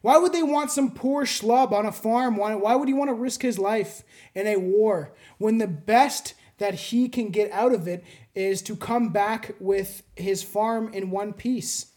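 A man reading out the words of a stern older wartime official in his own high voice, slightly theatrical. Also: a little slow, a little mellow.

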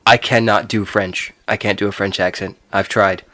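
A man's voice: fairly low pitch, level tone, normal speed, pushed and bright, no room sound. Laid-back man, dry close sound. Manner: loose, rambling, swears freely, laughs often. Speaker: podcast co-host. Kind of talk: casual chat.

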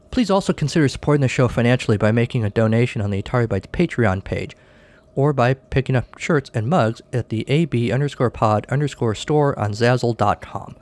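A man's voice: medium pitch, brisk, darkish tone. A man hosting a podcast, reading a short story aloud and closing the show with offhand, dry remarks. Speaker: podcast host.

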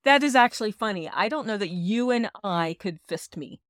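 A woman's voice: mid-range voice, lively intonation, moderate pace, no echo, clean studio sound. Frank, laughing woman podcast host. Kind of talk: casual podcast chat.

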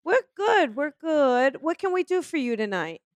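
A woman's voice: high-pitched, big pitch swings, moderate pace, dry recording. A woman co-hosting a psychic call-in show, speaking in a motherly way and calling callers honey and sweetheart. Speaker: psychic medium co-host.

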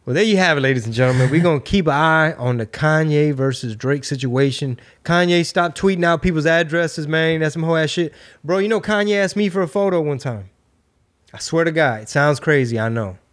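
A middle-aged man hosting a casual podcast chat, swearing freely and acting out the people in his stories with lively jumps in pitch. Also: a little fast. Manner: laid-back, swearing storyteller. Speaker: podcast host.

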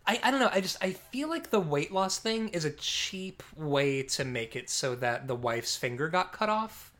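A man casually reviewing a film with a friend, animated and sarcastic, swearing often. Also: on the high side, moderate pace. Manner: animated, sarcastic, swears, puts on mobster voices. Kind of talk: casual movie review chat.

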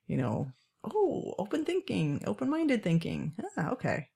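A woman hosting a podcast interview, calm, giving brief encouraging replies and asking questions. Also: on the low side, a little slow, gravelly, slightly rough. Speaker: podcast host. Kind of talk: casual interview chat.

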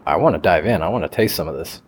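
A man hosting a coffee podcast who steers the chat along in a relaxed way. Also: deep voice, fast talker, noisy background. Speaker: podcast host.

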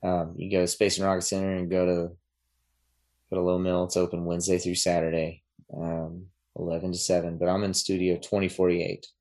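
A man talking as a podcast guest in casual chat, relaxed and rambling, with many fillers and restarts. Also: low-pitched, a little fast.

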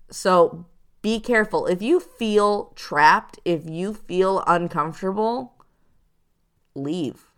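A woman giving casual advice to viewers as a psychic show host, chatty and animated, now and then acting out the people she warns about. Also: sits low, smooth. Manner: chatty, animated, acts out quoted hustlers.

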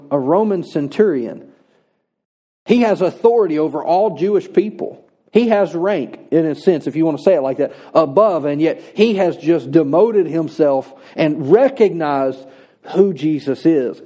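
A man preaching a sermon, earnest, slowing down to press his points. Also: fairly high pitch, mellow. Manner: earnest preaching, slows for emphasis. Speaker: pastor.

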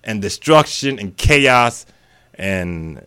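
A male radio host teaching the Bible in an excitable, casual preaching style, breaking into hallelujahs and everyday slang. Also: fairly low pitch, slow pace, clean tone. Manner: excitable, exclaims hallelujah, talks back to the text; casual and colloquial, drops into vernacular.

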